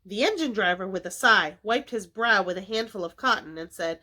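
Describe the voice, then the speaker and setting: A woman's voice: mid-range voice, moderate pace, few pauses. A woman reading a classic children's story aloud expressively for a library. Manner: expressive, animated. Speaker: children's book reader.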